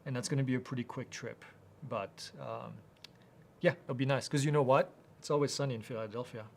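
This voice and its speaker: A man hosting a live Q&A, reading out viewer questions and answering them in a casual, halting way with many fillers. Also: medium pitch, fairly even intonation, creaky, darkish tone, a little hiss or hum. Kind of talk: live Q&A chat.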